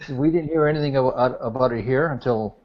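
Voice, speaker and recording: A man, speaking in a low-key, dry way as a correspondent. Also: a little fast. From Cape Breton. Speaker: panel correspondent. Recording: distant, dull lo-fi call audio.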